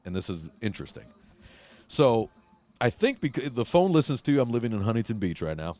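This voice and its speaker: A man hosting a casual podcast chat, telling a story in a profane, animated way and acting out quotes. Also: mid-range voice, fairly quick. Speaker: host. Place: Huntington Beach, California.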